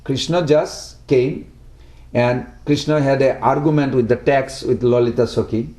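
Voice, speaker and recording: A man giving a devotional talk to a small group in simple, broken English, often asking lively rhetorical questions. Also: mid-range voice, unhurried, reverberant. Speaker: devotional speaker.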